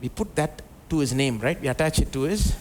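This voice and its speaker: A man's voice: medium pitch, animated, fairly quick, a little mellow, a little hiss or hum. A male pastor, giving a live sermon in a conversational way, full of rhetorical questions and asides to the congregation. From India. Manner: conversational preaching, many rhetorical questions and "you know". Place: church service before a congregation.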